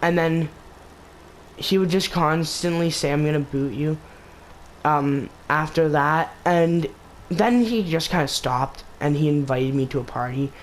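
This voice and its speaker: A man's voice: fairly high pitch, unhurried, a little hiss or hum, poor audio. A man hosting a gaming channel, telling a story in a rambling, casual way, full of filler words and restarts. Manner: rambling, filler-heavy retelling with lots of "basically" and "like".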